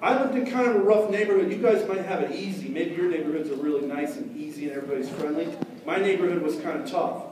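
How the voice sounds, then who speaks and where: A man's voice: fairly high pitch, quick pace. A man telling a story live to a crowd of kids, chatty and asking them questions. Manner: chatty, asks the audience questions. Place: storytelling festival hall. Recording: echoey hall from far off, noisy.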